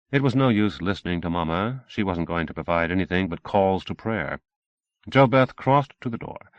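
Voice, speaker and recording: A man's voice: sits low, no room sound, highs cut off. A man narrating a novel, reading expressively from an old cassette recording. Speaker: audiobook narrator. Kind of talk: scripted narration.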